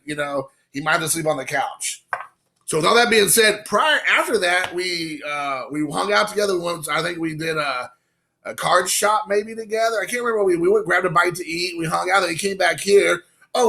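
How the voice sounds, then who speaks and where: A man chats casually into the camera for his collecting vlog. His voice sits a bit high and sounds bright and forward, and he rambles through his story with excitement, slipping into quoted asides. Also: vocal fry. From Indiana, USA. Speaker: card-collecting channel host.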